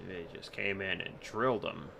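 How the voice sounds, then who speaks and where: Gravelly, laid-back male streamer. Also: sits low, normal speed, noisy background. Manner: laid-back, rambling, with fillers. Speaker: sim racing streamer. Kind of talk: casual gameplay commentary.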